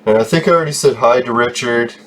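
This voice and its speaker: A man's voice: mid-range voice, fairly bright tone, slight background noise. Foul-mouthed man ranting casually. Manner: heavy swearing, ranting, quick laughs. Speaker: gaming channel host. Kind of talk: casual rambling commentary while gaming.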